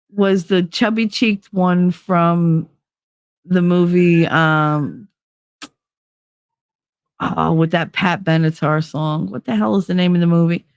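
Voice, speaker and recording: A woman's voice: lowish voice, no echo, studio quality. Chatty, foul-mouthed woman streamer. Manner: chatty, swears freely, greets viewers by name. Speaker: livestream host. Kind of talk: casual livestream chat.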